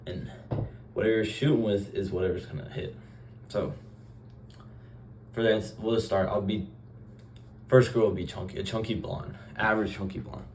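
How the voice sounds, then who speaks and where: A young man in a casual vlog monologue, talking in a rambling, offhand, deadpan way and acting out short bits of dialogue. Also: lowish voice, moderate pace, long pauses, slight background noise. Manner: acts out short dialogue exchanges. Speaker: vlogger.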